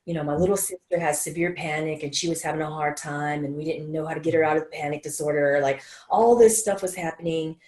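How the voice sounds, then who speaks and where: A woman's voice: deep voice, fairly even intonation, fast talker, few pauses, a little mellow, roomy sound. A woman co-hosting a casual chat, telling an emotional personal story and quoting others. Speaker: co-host.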